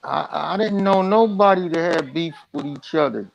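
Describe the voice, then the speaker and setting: A man's voice: a little high, moderate pace, creaky, dull audio. A man chatting casually over his phone, easygoing and apologetic about a bad connection. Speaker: cast member guest. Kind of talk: casual chat.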